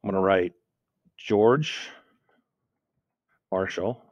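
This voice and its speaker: Very deep-voiced man teaching at his computer. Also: very slow, no echo, muffled recording. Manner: thinks aloud, self-corrects while typing. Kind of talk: screen-recorded lesson on outlining notes.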